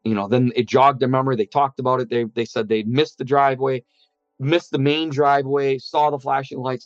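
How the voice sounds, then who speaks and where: A man's voice: mid-range voice, no room sound. A man giving an earnest spoken account of a near-death experience, acting out what others said. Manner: earnest storytelling, quoting voices. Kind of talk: personal testimony. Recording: muffled sound with soft music under it.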